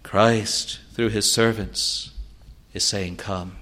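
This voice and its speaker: Male preacher, earnest sermon delivery, slow measured pace, rises and falls in volume. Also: fairly low pitch. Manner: earnest, swells loud on key words then drops soft.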